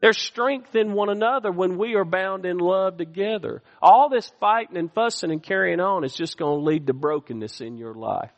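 High-voiced preacher in an echoey hall. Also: male voice, normal speed, few pauses, highs cut off. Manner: call-and-response preaching, asks the congregation for amens. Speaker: pastor. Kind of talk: sermon. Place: church sanctuary.

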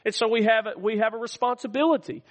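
A man's voice: high-pitched, fast talker, big-room sound. A man preaching a sermon as pastor, calling out to the church and asking for amens. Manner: call-and-response preaching, asks the church for amens. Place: church sanctuary.

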